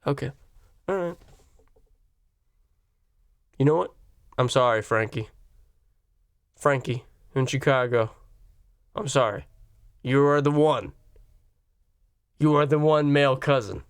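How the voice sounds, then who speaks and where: A man's voice: mid-range voice, slow pace, pauses often, smooth, no room sound, studio quality. A man ranting on camera in a rambling, profane comic monologue, his voice jumping up when he gets worked up. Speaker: vlogger. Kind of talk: profane comedic rant.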